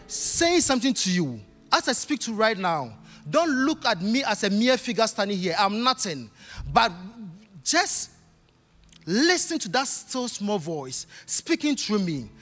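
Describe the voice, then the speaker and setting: A man's voice: high voice, a bit bright. A man preaching a sermon with emphatic, repetitive phrasing that swells into bursts. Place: church hall. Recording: reverberant hall with faint music.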